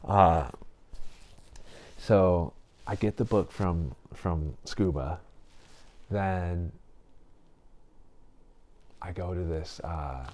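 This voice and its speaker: A man's voice: low voice, very slow, long pauses, darkish tone. A man chatting as a podcast guest, telling a story in a loose, rambling way and acting out what others said. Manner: rambling, peppered with "you know" and "right?"; acts out other people's lines when retelling. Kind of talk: casual storytelling chat.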